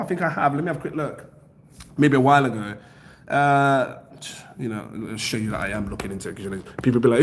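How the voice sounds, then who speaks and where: A man hosting a casual crypto livestream from home, rambling as he reads out viewer comments and web pages. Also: medium pitch. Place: home, near his kitchen.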